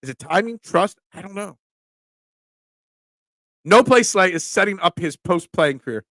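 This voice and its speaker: A man's voice: high-pitched, a little slow, dry recording, clean studio sound. A man hosting a casual sports talk live stream, reading viewer comments aloud and answering them with emphatic opinions. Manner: animated, emphatic, reads chat aloud.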